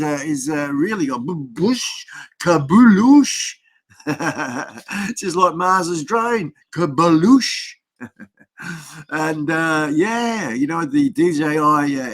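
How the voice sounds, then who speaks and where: An Australian man with a voice pitched a touch above the usual for men hosts a casual live stream. He rambles along, greeting viewers by name and laughing now and then. The sound comes off a built-in webcam mic. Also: fairly bright tone.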